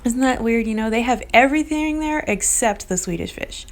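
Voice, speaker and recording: Female vlog host with a gravelly voice, casual and earnest, a bit defensive. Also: a little high, expressive, moderate pace. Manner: rambling, earnest, defensive toward critics. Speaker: video host.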